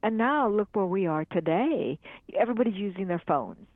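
A woman's voice: mid-range voice, lively intonation, normal speed, no echo. An older woman chatting as a podcast guest, upbeat and talkative, with frequent laughs. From United States. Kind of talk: casual interview chat. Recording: tinny phone line.

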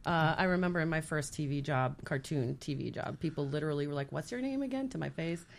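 Chatty woman guest, a little low-pitched. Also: fairly even intonation, fast talker, creaky, a little hiss or hum. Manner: rambling, lots of fillers and laughs. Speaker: guest artist. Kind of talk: casual interview chat.

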